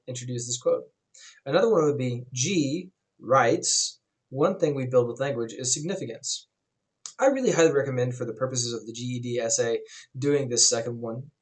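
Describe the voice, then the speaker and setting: A man teaching a writing class in a relaxed, conversational way, with frequent fillers as he explains. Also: medium pitch. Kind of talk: recorded class lecture.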